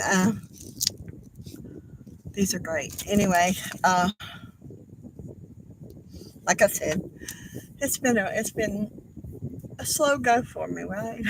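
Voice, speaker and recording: Older woman, halting and tearful. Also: medium pitch, gravelly, a little hiss or hum, rough recording. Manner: tearful, halting, apologetic, with many fillers. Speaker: craft livestream host. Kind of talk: casual craft livestream chat.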